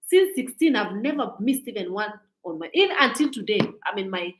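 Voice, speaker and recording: A woman's voice: medium pitch, big pitch swings, fairly quick, echoey room, low-quality recording. A woman in her forties giving a scolding, preachy commentary monologue, repeating her points. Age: 40s. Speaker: social media commentator.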